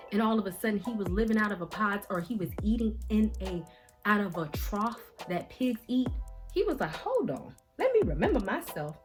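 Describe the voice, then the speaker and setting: A woman vlogger giving faith-based motivational talk, emphatic and preachy, in casual slangy phrasing. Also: medium pitch. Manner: emphatic and preachy, swinging between soft and loud. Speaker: vlogger giving life advice.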